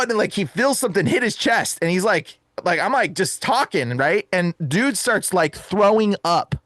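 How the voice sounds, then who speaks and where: Animated young man telling a story. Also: high-pitched, a little fast, few pauses, dry recording. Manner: animated, acts out voices in his story; says "bro" and "like" often. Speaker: guest exorcist. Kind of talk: casual storytelling.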